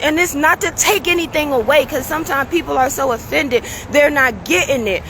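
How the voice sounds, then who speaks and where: A woman's voice: high-pitched, a little fast, few pauses, fairly bright tone, slight background noise. A woman hosting her own show, giving a casual, preachy motivational talk with a strained, tired voice and frequent "you understand?" asides. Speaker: show host.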